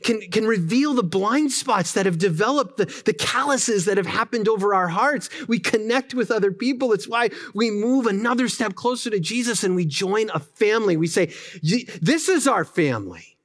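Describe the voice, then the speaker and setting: A middle-aged man preaching with a fairly high-pitched voice. He talks earnestly and conversationally, repeats words as he goes, and drops in quick asides to the congregation. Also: lively intonation, fairly bright tone. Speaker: pastor. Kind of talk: sermon.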